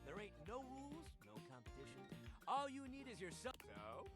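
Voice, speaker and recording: A man's voice: high voice, wildly swooping pitch, normal speed, music in the background. An actor voicing a cheerful, confident male dumbbell fitness coach in a video game, talking in upbeat coaching slang. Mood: encouraging.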